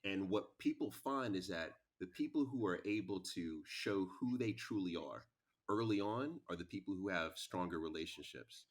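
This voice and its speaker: A man who is a relationship expert, a podcast guest in casual chat, animated and repeating words for emphasis. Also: sits low, normal speed.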